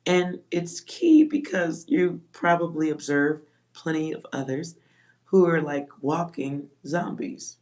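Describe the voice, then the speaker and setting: A woman with a low, grounded voice chats on a livestream as a psychic reader. She talks bluntly and swears freely, with laughs breaking into her talk. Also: expressive, takes it slowly, a little mellow. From Texas. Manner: blunt, profane, laughs often. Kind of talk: casual livestream chat.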